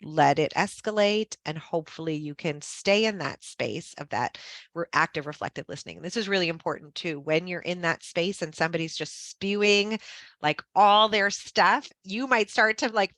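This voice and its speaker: A woman's voice: mid-range voice, brisk, a bit bright, no room sound. A woman giving a conversational talk to school leaders, often saying "right?" and acting out what people say. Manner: conversational, frequent "um" and "right?", acts out quotes. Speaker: guest speaker on school leadership. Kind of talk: informal presentation.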